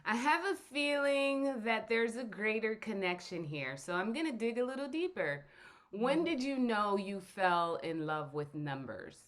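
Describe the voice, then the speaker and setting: A woman's voice: mid-range voice, expressive, measured pace. A woman hosting an interview show, upbeat and enthusiastic as she introduces and questions her guest. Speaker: show host.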